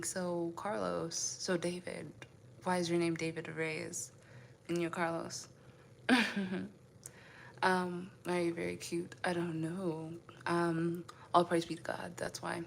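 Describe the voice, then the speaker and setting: A woman raised in Indianapolis, in the United States, chats casually on a live stream, answering viewer comments one at a time and laughing often. Her voice is on the low side and gravelly, with a little hiss or hum in the recording.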